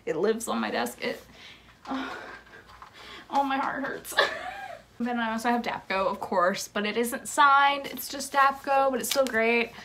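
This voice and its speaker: There's a little hiss or hum behind this young vlogger's slightly high, pushed, bright voice, which stays steady and unhurried. In her bedroom she rambles through a casual show-and-tell of her fan merch, giggling and using "like" a lot.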